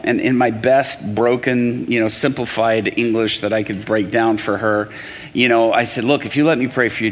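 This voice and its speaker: A man preaching, telling a testimony story with lively pacing, frequent restarts and acted quotes. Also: mid-range voice. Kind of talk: testimony sermon. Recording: long hall reverb.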